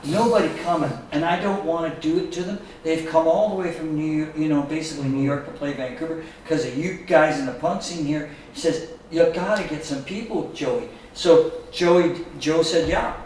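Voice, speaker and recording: Brief: man, animated raconteur, a bit high-pitched, distant mic in a very reverberant room. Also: normal speed, hardly any pauses, slight background noise. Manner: animated storyteller who acts out quotes. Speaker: guest musician. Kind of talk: casual storytelling chat. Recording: echoey room picked up from a distance.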